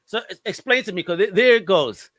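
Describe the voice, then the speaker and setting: An excitable middle-aged man from Brooklyn, talking in slang and cursing freely. His voice sits high and swings widely in pitch. It sounds bright and dry, with no room around it. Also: a little fast, no echo. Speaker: podcast host. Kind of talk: casual chat.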